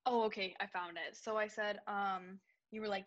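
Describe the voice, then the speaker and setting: A woman's voice: medium pitch, steady tone, moderate pace, few pauses. A young adult woman co-hosting a podcast, chatting casually and acting out text messages in different voices. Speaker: podcast co-host. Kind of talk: casual chat.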